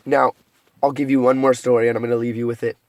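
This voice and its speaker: Gravelly, profane, rambling young man. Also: medium pitch, level tone, quick pace, a little mellow. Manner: rambling, profane, darkly joking. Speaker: vlogger. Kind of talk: casual confessional monologue. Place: rural home at night, partly outdoors.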